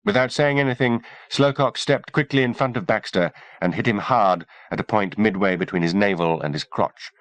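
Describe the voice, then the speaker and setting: A man narrating an audiobook in a steady, measured reading voice. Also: fairly low pitch, no echo.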